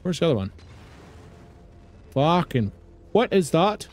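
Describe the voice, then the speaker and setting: A man's voice: a little high, sing-song, a little slow. A man with a British accent doing live gameplay commentary, swearing and ranting at the game in exasperation. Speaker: streamer.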